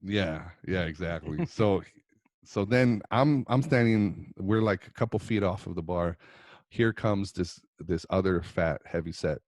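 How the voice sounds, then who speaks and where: Casting: low-voiced man, stand-up comic, loose and profane storyteller, dry close sound. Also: a little slow, a little mellow, no room sound. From Reno, Nevada. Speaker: stand-up comedian guest. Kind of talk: casual storytelling.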